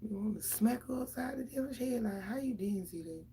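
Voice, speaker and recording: A woman's voice: a little high, lively intonation, brisk, creaky, warm tone, slight background noise. A middle-aged mother, venting casually and profanely straight to her viewers about her kids.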